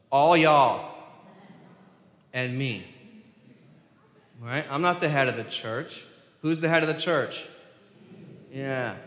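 A man's voice: on the high side, fairly bright tone. A male pastor preaching a sermon, asking the congregation questions and answering them. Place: church sanctuary. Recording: roomy church hall with long reverb.

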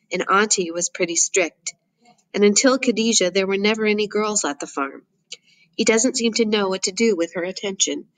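Woman, audiobook narrator, measured, even delivery. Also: fairly low pitch, dry recording, rough recording. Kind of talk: first-person novel reading.

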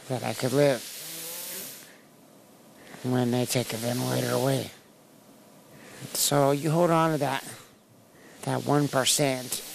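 A man shares his own story in plain, candid words, with a dry, wry streak of humor. He speaks slowly, often restarting phrases, and his voice has a gravelly, rough edge. Faint noise sits behind him. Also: mid-range voice. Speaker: interviewee sharing his personal story. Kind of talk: candid personal testimony.

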